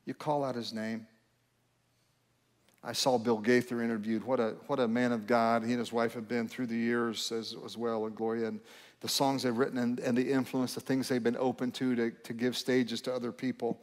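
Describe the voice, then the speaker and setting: Earnest pastor in a reverberant church. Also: male voice, medium pitch, little pitch movement, moderate pace. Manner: earnest, repeats phrases, swells into fervent appeals. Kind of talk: sermon with altar call. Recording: long reverb with faint music.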